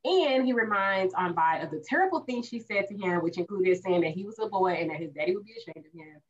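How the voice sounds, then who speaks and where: A woman co-host recaps an episode in casual podcast chat, acting out the characters' lines as she goes. Her pitch swings widely and stays lively. The recording sounds dull and lo-fi. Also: quick pace. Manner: animated, acts out characters' lines.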